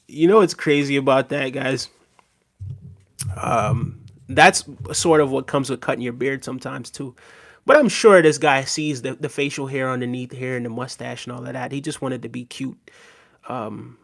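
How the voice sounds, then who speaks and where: A man talks casually on a livestream, reading viewer comments and answering them in an easygoing way. His voice sits at an ordinary middle pitch, and his sentences loop back with checks like "right?" and "you know". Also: gravelly, a bit bright. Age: adult with a daughter. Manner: laid-back, chats to viewers, often tags "right?".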